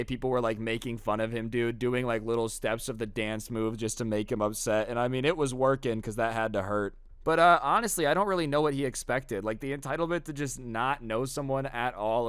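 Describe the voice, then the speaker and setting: A young man telling a storytime with a smooth, clear voice, animated and full of slang, talking right to his viewers. It is recorded close and dry, with no room sound at all. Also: medium pitch, no room sound. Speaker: storytime narrator. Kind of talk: casual storytime narration.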